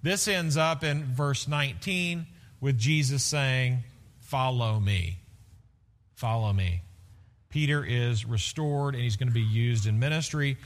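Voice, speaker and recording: A man's voice: medium pitch, unhurried. A male pastor preaching a sermon in a conversational way, often checking in with "right?". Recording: long reverb of a large hall.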